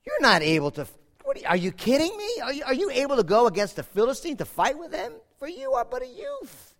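A man's voice: extremely high pitch, huge pitch swings, fast talker, fairly bright tone, voice pushed up, exaggerated voice. A man voicing a doubting king who scoffs in disbelief. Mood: scoffing. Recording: echoey hall reverb.

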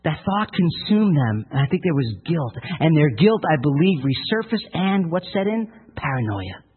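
A man's voice: a little high, big pitch swings, moderate pace, breathy edge. A male pastor preaching a sermon in an earnest storytelling manner, often repeating words. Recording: tinny phone-like lo-fi sound.

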